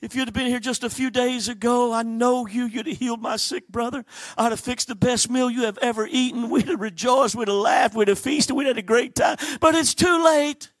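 A man's voice: very high voice, fairly even intonation, normal speed, no echo, voice pushed up. A man preaching who voices a grieving, defensive woman, speaking with insistent defiance. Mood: lamenting.

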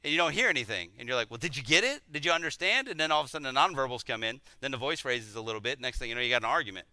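A middle-aged man teaching a conversational sermon, animated and self-deprecating, often repeating words as he goes. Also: mid-range voice, racing, no room sound.

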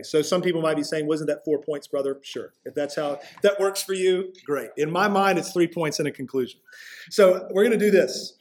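High-voiced man preaching a sermon. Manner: conversational preaching, slows for emphasis. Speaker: pastor.

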